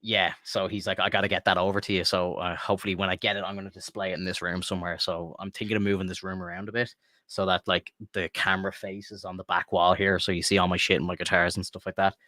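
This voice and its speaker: An Irish man with a low voice chats at a quick clip on a podcast. He rambles through stories, fills them with "like" and swears freely. The sound is close and dry, with no room echo. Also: level tone, sharp tone. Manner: rambling storyteller, swears freely, says "like" a lot. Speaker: podcast co-host. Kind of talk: casual chat. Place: home room with guitars.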